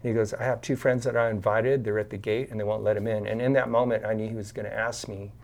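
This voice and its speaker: A man's voice: on the low side, quick pace. A man telling a story on a podcast, acting out the voices of the people in it. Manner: animated storyteller acting out quotes. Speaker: podcast guest. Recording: video call.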